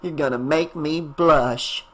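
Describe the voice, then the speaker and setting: A man's voice: on the high side, slow, fairly bright tone. Man reading a teasing, breezy woman in her thirties, slightly lifted voice, audiobook. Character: brash, joking woman babysitter, thirties.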